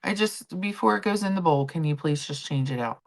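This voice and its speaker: Lady streamer, low voice but real animated, just chatting and telling stories to her chat. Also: a little fast. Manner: chatty storytelling, reading chat aloud. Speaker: live stream host. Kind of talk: casual chat with chat readers.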